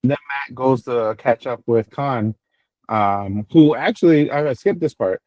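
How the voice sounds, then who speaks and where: A man's voice: mid-range voice, a little slow, a little mellow, dry recording, low-quality recording. A man co-hosting a podcast, casually retelling a TV episode in a rambling way, full of fillers and restarts. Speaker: podcast co-host. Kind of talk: casual chat recapping a TV episode.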